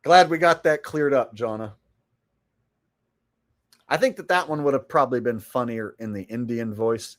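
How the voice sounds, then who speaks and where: A man's voice: medium pitch, moderate pace, pauses often. A man chatting casually on his live stream, laid-back with chuckling asides.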